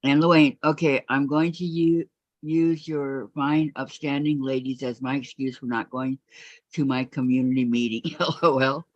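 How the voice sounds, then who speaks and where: A woman's voice: very deep voice, steady tone, moderate pace, dry recording. Chatty woman hosting on lo-fi audio. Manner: chatty, laughs often, reads chat aloud. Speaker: quilting live-stream host. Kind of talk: casual chat reading viewer comments. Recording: muffled lo-fi dry audio.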